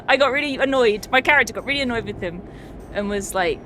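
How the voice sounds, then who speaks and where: A woman's voice: fairly high pitch, a little fast, bright, forceful tone, slight background noise. A woman streamer chatting casually, swearing and laughing often as she recaps a tabletop game.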